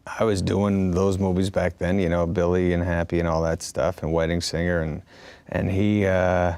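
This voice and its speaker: A man's voice: sits low, little pitch movement, moderate pace, a little mellow, clear, resonant tone, no room sound. A man chatting casually as an actor, telling stories in a rambling way with many restarts and quoted dialogue. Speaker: actor in a conversation. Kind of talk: casual conversation.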